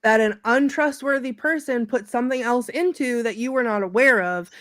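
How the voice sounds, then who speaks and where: A woman's voice: fairly high pitch, fairly bright tone, dry recording, studio quality. A woman co-hosting a podcast, chatting casually about a film and often restarting her sentences. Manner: halting, restarts mid-sentence, drops to a mutter. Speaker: podcast co-host.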